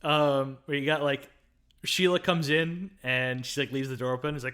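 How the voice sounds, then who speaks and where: A man's voice: medium pitch, steady tone, normal speed, sharp tone. A man co-hosting a casual film review podcast, laughing often and acting out favorite movie lines. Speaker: podcast co-host.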